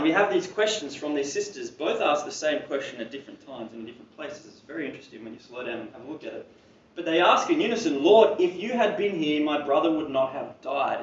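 A man's voice: a little high, a bit bright, slight background noise. A man preaching a sermon in a church hall, talking in a conversational way with casual asides. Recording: roomy, distant and dull-sounding.

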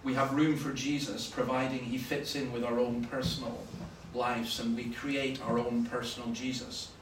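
A Scottish man preaching a sermon, telling stories with sudden loud bursts of emphasis. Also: mid-range voice, flat delivery, normal speed. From Scotland. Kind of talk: sermon with anecdotes. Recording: roomy, from far off, faint noise.

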